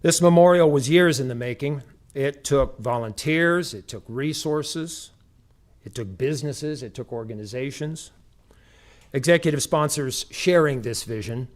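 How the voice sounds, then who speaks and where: Solemn man reading names. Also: mid-range voice. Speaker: master of ceremonies. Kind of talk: formal ceremony address.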